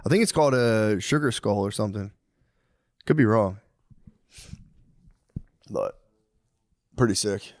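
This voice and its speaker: A man's voice: lowish voice, expressive, measured pace, long pauses, no echo, clean studio sound. A man co-hosting a podcast in casual banter, rambling loosely, swearing often and laughing a lot. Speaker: podcast co-host.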